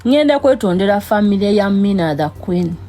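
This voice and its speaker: A woman speaking in a measured, earnest way to her followers. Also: mid-range voice, lively intonation, dark tone, faint music behind. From Uganda. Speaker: TikTok creator. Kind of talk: apology talk to camera.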